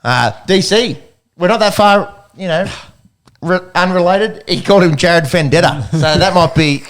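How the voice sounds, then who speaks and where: A man's voice: a little high, moderate pace, a bit bright. Australian man, podcast banter. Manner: banter, swearing, laughing. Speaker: podcast co-host. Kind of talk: casual chat.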